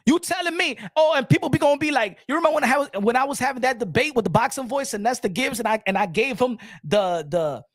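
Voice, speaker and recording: A man's voice: extremely high pitch, expressive, quick pace, hardly any pauses, no room sound. Emphatic boxing commentator man, dry sound. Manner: emphatic, repetitive, asks the chat and answers himself. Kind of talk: animated solo commentary to viewers.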